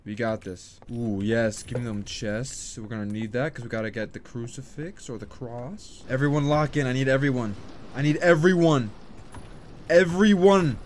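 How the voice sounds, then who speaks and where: A man's voice: medium pitch, fairly even intonation, moderate pace, few pauses, a little hiss or hum. A man giving casual commentary on a video game, hyped and talkative, rallying his viewers and goofing around. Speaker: gaming streamer.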